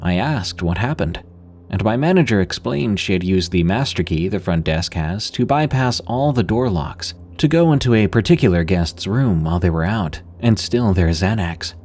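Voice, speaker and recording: A man narrating a first-person work story in a steady, scripted storytelling delivery. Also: low-pitched. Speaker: podcast narrator.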